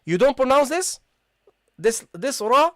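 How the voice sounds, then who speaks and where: A man teaching a live online recitation lesson. He explains step by step, repeats sounds slowly and keeps checking with "okay, guys?". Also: extremely high pitch, big pitch swings, a bit bright, no room sound, clean studio sound.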